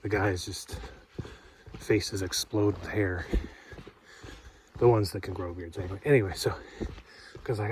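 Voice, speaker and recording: A man's voice: sits low, fairly even intonation, moderate pace, pauses often, a little mellow. A man vlogging while hiking outdoors on a forest trail, telling stories casually with lots of fillers and acting out what people said. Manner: rambling storytelling with many fillers and acted-out quotes. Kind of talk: casual spoken trail diary. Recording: noisy outdoor camera audio.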